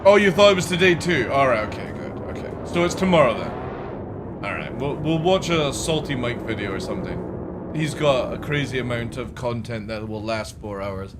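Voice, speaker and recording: A man's voice: medium pitch, expressive, normal speed, background noise. A man chatting casually to his chat while streaming a game, rambling and swearing freely.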